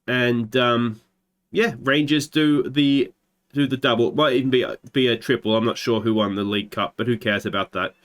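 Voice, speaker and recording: An Australian man hosting a football management let's play, calling his match like a commentator and swinging into excited shouts at big moments. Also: medium pitch, normal speed. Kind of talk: gameplay commentary.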